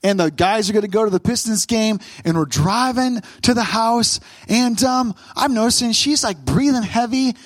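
Speaking at a moderate pace with hardly any pauses, this thirtysomething pastor's high voice carries a funny, conversational family story within his sermon. He brings quoted lines to life with animated voices, and there's no room sound.

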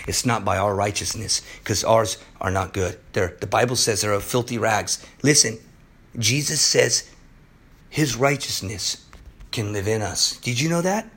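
A man preaching on his own program in an impassioned, pleading sermon, his voice going hoarse, with soft guitar music behind him. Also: a little slow. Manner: impassioned, pleading, swings from loud to low and intense. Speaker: preacher hosting a religious program.

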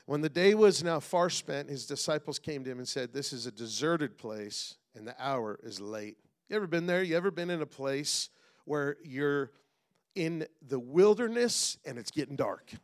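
A middle-aged man preaching a sermon as pastor, calling out to the congregation and swinging between loud and hushed delivery. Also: on the high side, expressive, moderate pace.

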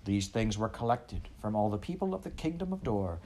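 A man's voice: fairly low pitch, sing-song, a little mellow, a little hiss or hum. Man reading a children's novel aloud. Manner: addresses the listener directly, measured storyteller. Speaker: audiobook narrator.

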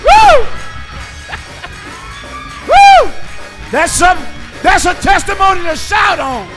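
A man pastoring a church service, preaching in shouts, whooping and calling out to the congregation. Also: extremely high pitch, animated, normal speed, loud music behind the voice, a loud crowd.

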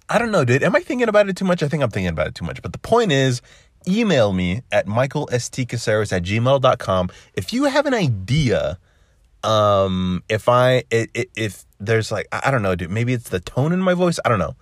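A man hosting a casual solo podcast, rambling and swearing freely and tossing in "dude" every few lines. His pitch jumps all over the place, sliding up and down as he talks, and he sounds close and dry with no room sound. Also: no echo. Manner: rambling and profane, with constant "dude" and restarts; lively, swinging pitch up and down. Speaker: podcast host.

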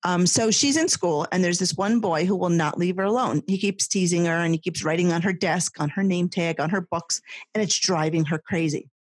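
A woman in her thirties co-hosting a podcast, telling a story in a chatty, animated way in casual conversation. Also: fairly low pitch, brisk, dry recording. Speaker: podcast co-host. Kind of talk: casual chat.

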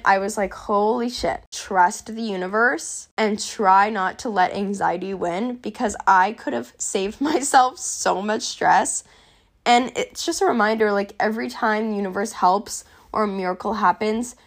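A young adult woman talking casually to camera in a vlog, chatty and candid, with plenty of fillers and some swearing. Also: a little high. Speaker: vlogger.

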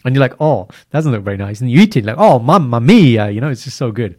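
A man co-hosting a podcast in casual, animated chat, laughing and using slang. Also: mid-range voice, racing, husky. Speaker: podcast co-host.

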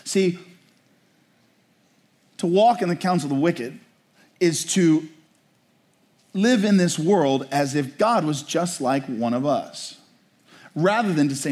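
Conversational male preacher with a higher voice. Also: animated, a little slow, long pauses. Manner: conversational preaching, often checks in with "right?". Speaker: pastor. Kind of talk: sermon.

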